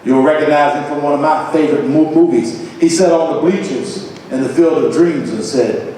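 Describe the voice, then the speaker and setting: A man's voice: a little high, normal speed, warm tone, a little hiss or hum. A man from Ohio giving a motivational lecture, with an emphatic, dramatic preaching cadence and chanted refrains. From Columbus, Ohio. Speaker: motivational speaker. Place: large hall. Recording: echoey hall from far off.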